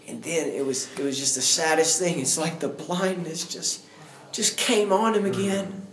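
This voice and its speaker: A man's voice: fairly high pitch, normal speed, slight background noise. Earnest man telling a testimony, roomy sound. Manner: earnest, builds to fervent preacher-like outbursts. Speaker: guest sharing a faith testimony. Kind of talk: personal testimony storytelling. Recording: roomy echo.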